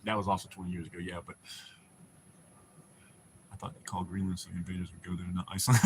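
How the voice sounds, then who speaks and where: A man's voice: deep voice, level tone, quick pace, pauses often, a little hiss or hum. A young American man hosting a casual livestream, telling rambling, profane stories to his chat. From United States. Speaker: livestream host.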